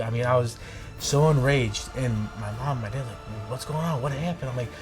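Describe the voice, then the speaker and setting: A man in his forties, telling stories in a documentary interview with an excitable, emphatic manner, acting out his own shouting. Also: mid-range voice, normal speed. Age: 40s. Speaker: interviewee, lifelong wrestling fan. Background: background score music.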